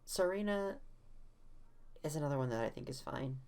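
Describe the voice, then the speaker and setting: A woman's voice: deep voice, expressive, normal speed, darkish tone. A young woman co-hosting a casual chat, blunt and matter-of-fact. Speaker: podcast co-host.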